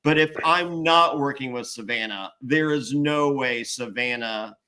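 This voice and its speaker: A man's voice: mid-range voice, unhurried, bright, forceful tone. A man telling stories in casual chat, acting out quotes with big jumps in his voice, swearing and laughing often. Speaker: podcast host and former reality contestant.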